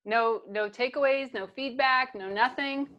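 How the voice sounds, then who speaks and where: Her voice sits high and a bit bright, a little slow, with the top end cut off. She's a guest trainer teaching casually over a video call, earnest and conversational, frequently starting sentences over and repeating herself.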